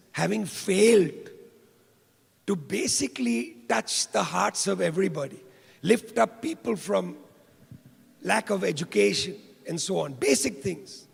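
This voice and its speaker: An older man from India giving an impassioned public lecture with a hoarse, rough voice, repeating key phrases for weight. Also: high voice. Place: lecture hall. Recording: reverberant hall.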